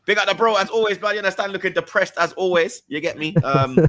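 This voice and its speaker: A man's voice: high voice, fast talker, fairly bright tone. A man co-hosting a football show, bantering and teasing in heavy slang. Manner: slangy, teasing, tags lines with "blood".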